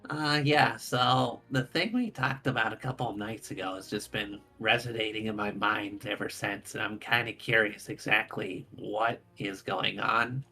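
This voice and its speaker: A man's voice: on the low side, bright, forceful tone, breathy edge. A man playing a tabletop game, talking in a joking, laid-back way. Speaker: player. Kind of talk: casual chat.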